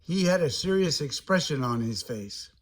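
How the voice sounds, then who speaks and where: An older man reading a picture book aloud to children as a grandfather storyteller, playful and animated. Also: a little high, moderate pace.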